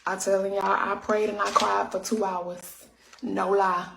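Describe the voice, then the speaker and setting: A woman's voice: mid-range voice, level tone, measured pace, vocal fry, reverberant, heavy background noise. A woman speaking in an emotional, preachy way, repeating herself for emphasis. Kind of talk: emotional testimony.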